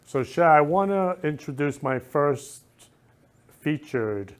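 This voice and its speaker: A man's voice: a little high, lively intonation, slow, smooth. Effusive male talk show host. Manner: effusive, repeats loving phrases. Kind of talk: casual talk show chat. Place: indoor studio or temple room.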